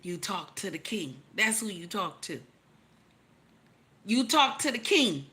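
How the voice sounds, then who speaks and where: A woman's voice: medium pitch, big pitch swings, takes it slowly, pauses often, sharp tone. Emphatic woman giving relationship advice. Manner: emphatic, repeats lines for effect, teasing rhetorical questions. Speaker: relationship commentator. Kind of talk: animated relationship advice commentary.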